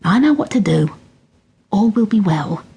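A woman voicing a calm, kind elderly grandmother in an audiobook, speaking softly and gently, almost in a whisper. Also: mid-range voice, measured pace, creaky, husky, heavily acted. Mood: gentle. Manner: soft, gentle, half-whispered.

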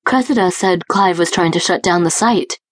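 A woman voicing an eager, flustered young woman who rambles quickly and breathlessly in an audiobook romance. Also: fairly low pitch, no room sound, clean studio sound, close to an everyday voice. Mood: nervous.

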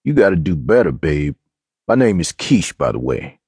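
A man's voice: extremely low pitch, big pitch swings, moderate pace, darkish tone, husky, dry recording, clean studio sound, full character voice. A man doing a swaggering street hustler. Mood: cocky. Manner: slangy, swaggering. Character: cocky, menacing streetwise young man.

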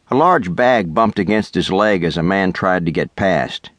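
A middle-aged man narrating a children's audiobook with lively, expressive storytelling on a close studio mic. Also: low-pitched, moderate pace, few pauses, dry recording. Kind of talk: scripted narration.

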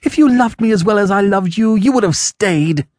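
A jilted young woman from an old novel , voiced by a man reading aloud, high and shrill in the throat. Her lines sweep up and down as she pleads. The reading is close and dry, with no room sound. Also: animated, normal speed, a little mellow, no echo. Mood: pleading. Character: young woman, jilted sweetheart, heartbroken and fiery. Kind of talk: audiobook character voice.

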